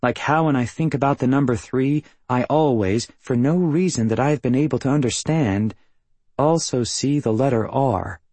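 A man reading a first-person novel as an audiobook narrator, measured and matter-of-fact, close to the mic. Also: mid-range voice, darkish tone, no room sound.

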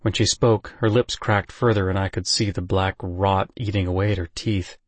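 Low-voiced man narrating an audiobook. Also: steady tone, normal speed, dry recording. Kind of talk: first-person audiobook narration.

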